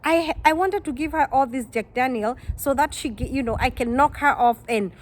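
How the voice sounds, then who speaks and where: A man's voice: extremely high pitch, normal speed. A woman voicing a hostile man who scolds and menaces his houseguest in her retold story. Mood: boastful. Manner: scolding, condescending.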